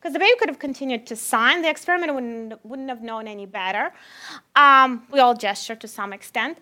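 A woman researcher with a Russian accent giving a lively lecture, addressing the audience as "my friends". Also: sits high, brisk.

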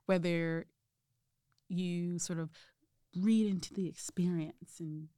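A woman's voice: fairly low pitch, steady tone, takes it slowly, mellow, no room sound, clean studio sound. A young woman hosting a casual interview, rambling through her questions with lots of fillers and easy laughter. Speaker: podcast host.

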